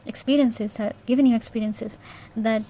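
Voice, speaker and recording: A woman giving an intuitive tarot reading in a gentle, reassuring way, repeating herself and checking in with "yeah?". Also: fairly high pitch, fairly even intonation, moderate pace. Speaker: tarot reader.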